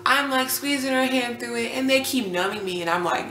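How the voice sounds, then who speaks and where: A woman's voice: mid-range voice, normal speed, few pauses, soft background music. A young woman vlogging casually, telling a personal story and acting out what people said, sometimes dropping almost to a whisper. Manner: animated, reenacts quotes, drops to near whisper at times. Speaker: vlogger, new mother. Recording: echoey room with faint ambience.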